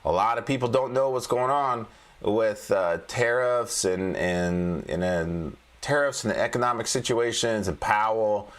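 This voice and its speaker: A man's voice: on the low side, a little slow. A man hosting a casual livestream about stock charts, talking in a folksy, joking way with frequent restarts. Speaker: trading coach and livestream host.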